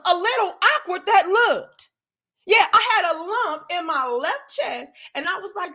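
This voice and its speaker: Young woman, high-pitched, bright voice, blunt and profane live-stream rant. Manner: blunt, profane, emphatic, addresses viewers directly.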